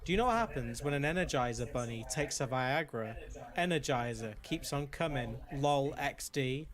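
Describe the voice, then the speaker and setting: A man reading a documentary script as host in a dry, deadpan way. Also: mid-range voice, moderate pace, a crowd in the background. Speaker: host narrator.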